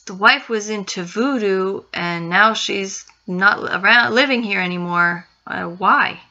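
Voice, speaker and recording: A woman's voice: mid-range voice, unhurried, sharp tone. A woman voicing a scared, curious young girl in a spoken story. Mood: wondering. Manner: frightened, pleading. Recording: dull lo-fi recording.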